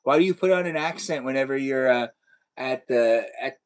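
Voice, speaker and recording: A man's voice: mid-range voice, normal speed, smooth. Playful man chatting on a live stream. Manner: playful, silly, teasing. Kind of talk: casual live stream chat reading comments.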